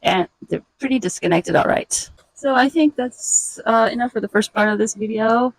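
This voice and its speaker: Gravelly, sardonic woman in her forties. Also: a little high, no echo, rough recording. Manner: sardonic, halting with fillers. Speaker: creator presenting her own comic pages. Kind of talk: casual walkthrough narration.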